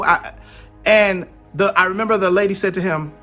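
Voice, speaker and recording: Forties guy giving a pep talk on parenting, high bright voice, real emphatic. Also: moderate pace, soft background music. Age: 40s. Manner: emphatic, animated storytelling. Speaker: parenting speaker. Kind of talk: motivational talk.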